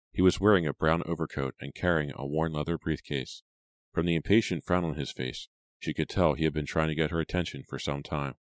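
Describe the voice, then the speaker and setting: A male audiobook narrator with an extremely deep voice, telling the story in a measured, even way. The recording is close and dry, with no room sound. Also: no room sound. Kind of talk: scripted narration.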